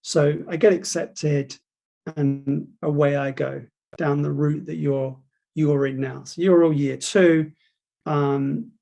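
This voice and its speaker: A man's voice: a little high, vocal fry, dark tone. A man in his forties telling his career story to university students, acting out conversations as he goes. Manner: storytelling, acts out dialogue, frequent restarts. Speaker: property industry guest speaker. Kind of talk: motivational talk to students.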